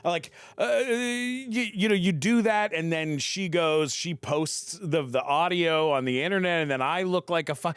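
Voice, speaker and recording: A man's voice: fairly high pitch, measured pace, hardly any pauses, a bit bright, clean tone, no echo. A man telling a long story as a podcast guest, with frequent stammered restarts and a cursing punchline delivery. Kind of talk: animated storytelling.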